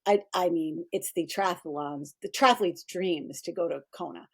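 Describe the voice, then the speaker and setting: A middle-aged woman, a performance coach, telling her story in a casual interview with animated energy and quoted voices. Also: normal speed, creaky, husky. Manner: animated, acts out quoted voices in a high pitch.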